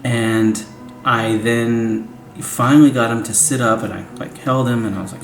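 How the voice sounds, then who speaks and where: A man's voice: medium pitch, steady tone, normal speed. A young man, a father, telling a family story in a casual, rambling way, full of "like" and "you know". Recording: echoey room, faint music.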